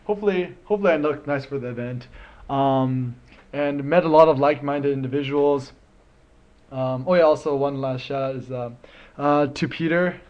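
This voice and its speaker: A man's voice: medium pitch, a little mellow. A young man in his twenties chatting casually in a vlog, rambling and enthusiastic with lots of ums as he goes through things. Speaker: photography vlogger. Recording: slightly dull lo-fi sound.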